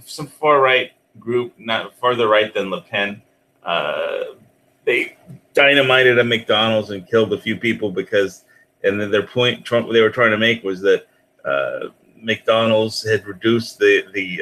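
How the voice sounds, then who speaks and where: A man's voice: lowish voice, bright, forceful tone, a little hiss or hum, poor audio. A man on a discussion panel, telling rambling stories in a casual, chuckling way.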